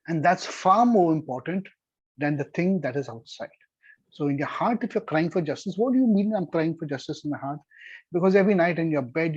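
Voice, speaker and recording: Brief: middle-aged male Bible teacher, husky and a touch high, earnest and repetitive, dry dull lo-fi sound. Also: darkish tone, dry recording. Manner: earnest, repeats key words for emphasis. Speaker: Torah teacher. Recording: dull lo-fi recording.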